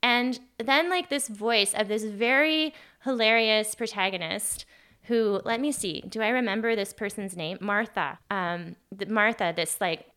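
Unhurried and a touch bright, her mid-range voice comes through cleanly as she hosts her own podcast alone. The woman, in her thirties, is earnest and chatty, full of "like" and quick corrections, and she gets emotional for a moment as her voice catches.

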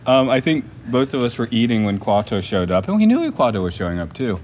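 Man, casual podcast co-host, laughs a lot, lively pitch, faint noise behind. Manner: laughs often, halting with fillers. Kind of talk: casual film chat. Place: lives in Japan.

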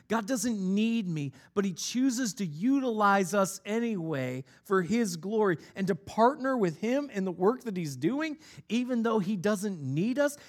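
A pastor delivering a sermon in a conversational way, mixing scripture with personal stories and playful asides. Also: male voice, high-pitched.

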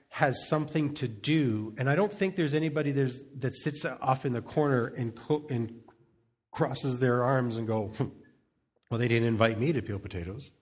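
Chatty middle-aged male pastor. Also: medium pitch. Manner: chatty, humorous storytelling with frequent restarts and repeated words. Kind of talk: conversational sermon.

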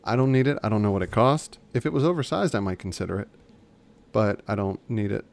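Talking quickly in a low, gravelly voice, a relaxed podcast co-host chats and wanders off topic. He keeps restarting his sentences and correcting himself, then loops back to points he made before.

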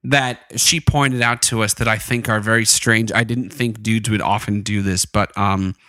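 A man's voice: lowish voice, steady tone, normal speed, pushed and bright, dry recording, studio quality. A man co-hosting a comedy podcast, chatting casually in a playful, loose way. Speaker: podcast co-host.

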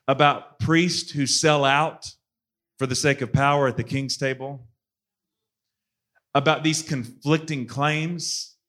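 A male pastor delivers a sermon. His voice sits a little high, and he acts out the scripture passages in a lively, conversational way. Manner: animated preaching, acting out scripture in a casual voice.

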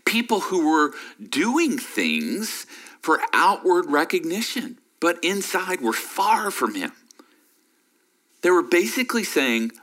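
A man's voice: sits high, big pitch swings, slow, fairly bright tone. A middle-aged man preaching a sermon in a conversational way, often checking in with "right?". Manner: conversational, full of "you know" and "right?". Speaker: pastor.

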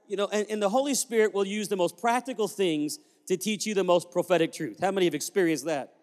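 A man's voice: sits high, darkish tone, long reverb tail. A man who is a pastor telling a story in a sermon, acting out the dialogue as he goes.

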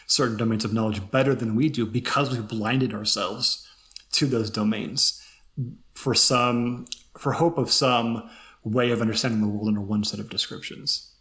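A man's voice: on the low side, steady tone, normal speed, fairly bright tone. A man co-hosting a casual philosophy discussion, conversational with restarts and hedging fillers. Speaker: podcast co-host.

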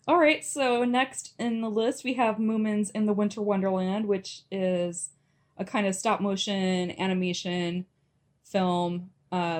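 A woman's voice: on the low side, darkish tone. A woman co-hosting a casual podcast, chatting enthusiastically about films. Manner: enthusiastic, chatty, laughs easily. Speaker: podcast co-host. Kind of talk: casual film review chat.

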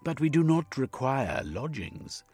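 A man doing a prim, naive gentleman. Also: mid-range voice, sing-song, a little slow, breathy edge, soft background music, voice pushed up, heavily acted. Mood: earnest. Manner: formal, proper phrasing. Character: prim, naive young gentleman, earnest seeker.

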